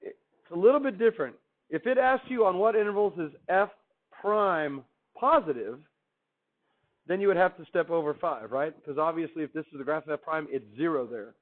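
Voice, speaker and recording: A man's voice: a little high, moderate pace. A man teaching a math class, chatty and upbeat, putting questions to the class and answering them himself. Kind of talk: classroom lecture. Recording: tinny, phone-like recording.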